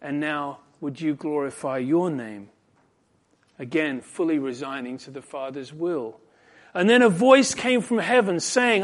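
High-voiced man preaching a sermon. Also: lively intonation. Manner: earnest, emphatic, slows on scripture quotes. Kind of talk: expository sermon.

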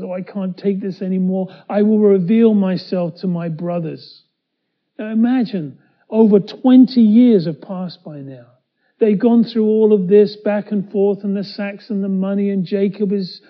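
A high-pitched man preaching a sermon and retelling a scripture story. He acts out the characters, going from loud to hushed. The recording sounds a little dull. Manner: dramatic, voicing the characters with swings from loud to hushed.

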